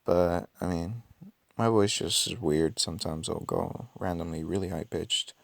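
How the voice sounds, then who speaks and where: Raspy man, just out of bed, deep gravelly voice, dry close sound; casual game commentary, muttered calculations. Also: unhurried, dry recording. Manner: thinks aloud with many ums and self-corrections. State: just woke up. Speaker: mobile game player.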